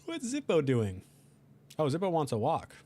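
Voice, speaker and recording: A young man giving casual, animated commentary while playing a life-sim game, talking to his characters and voicing their reactions. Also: a little high, moderate pace. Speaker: gaming video creator.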